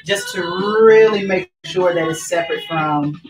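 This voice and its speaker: A woman's voice: on the low side, sing-song, measured pace. A woman hosting a casual live painting class at home, chatty and upbeat, laughing often. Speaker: painting instructor and live stream host. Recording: roomy sound from a distant mic with faint music.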